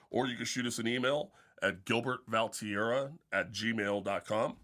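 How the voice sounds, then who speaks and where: Bright-voiced man hosting a sports podcast. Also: fairly low pitch, normal speed, hardly any pauses. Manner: storytelling, many restarts and fillers. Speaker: podcast host and football coach. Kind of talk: casual podcast chat.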